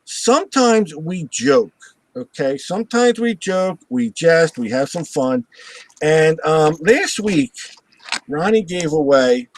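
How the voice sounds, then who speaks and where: A man's voice: fairly high pitch, takes it slowly, poor audio. A man hosting a live show, telling a story with lots of laughter and acted-out voices. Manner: animated storyteller who acts out voices and laughs at his own jokes. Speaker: host.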